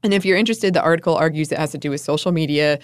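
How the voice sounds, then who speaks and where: A woman's voice: low-pitched, racing, clean tone, no echo, clean studio sound. A woman co-hosting a podcast in casual chat, talking with frequent laughs and fillers. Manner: chatty, laughs often, many fillers. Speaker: podcast co-host.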